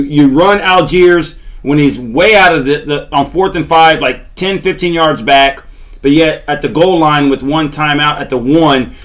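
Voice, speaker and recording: Male sports-channel host, slightly high pitch; exasperated, sarcastic fan rant. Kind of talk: ranting fan commentary.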